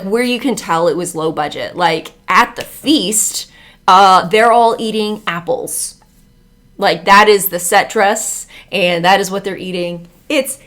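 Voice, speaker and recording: A woman reviews a movie in a relaxed vlog, talking off the cuff. She keeps dropping fillers as she goes, with a voice at an ordinary middle pitch. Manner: chatty, full of "like" fillers.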